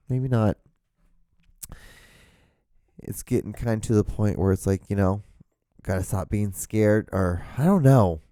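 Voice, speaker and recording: A man's voice: fairly low pitch, dark tone, no room sound, studio quality. A man in his thirties hosting a podcast alone, rambling casually with lots of fillers, restarts and swearing. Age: 30s. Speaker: podcast host.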